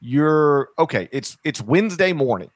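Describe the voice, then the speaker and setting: A man's voice: fairly high pitch, lively intonation, normal speed, no echo. A man in a casual podcast discussion on college basketball, thinking aloud and often repeating his words as he makes his point.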